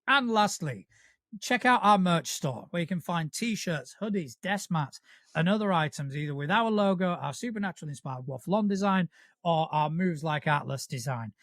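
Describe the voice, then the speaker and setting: A man's voice: a little high, lively intonation, moderate pace, fairly bright tone, dry recording, clean studio sound. A middle-aged man co-hosting a tabletop gaming podcast, reading show plugs and trading wry banter. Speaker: podcast co-host. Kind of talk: casual chat and show plugs.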